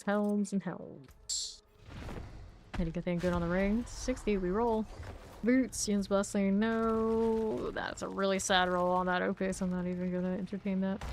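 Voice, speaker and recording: A woman's voice: mid-range voice, slight background noise. A woman streaming a game, chatting casually to herself as she plays, humming and counting under her breath. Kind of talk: casual gameplay commentary.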